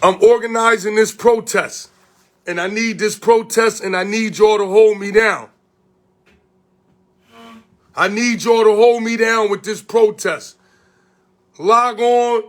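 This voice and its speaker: A man's voice: sits high, a bit bright. A man from Connecticut who posts videos and organizes in his community, delivering a heated, profane rant straight to the camera and hammering his points home with repeated rhetorical questions.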